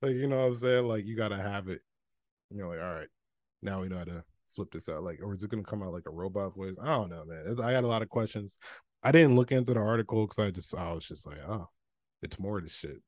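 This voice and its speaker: A man's voice: fairly low pitch, fast talker, darkish tone, no room sound, studio quality. A man co-hosting a podcast in a laid-back, profane, casual chat, full of filler phrases. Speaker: podcast co-host.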